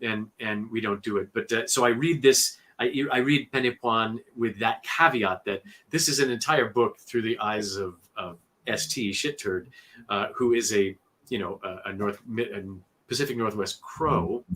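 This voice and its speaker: A man who narrates audiobooks, telling studio stories in a lively interview with lots of fillers and restarts. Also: on the low side, moderate pace. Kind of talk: conversational storytelling interview.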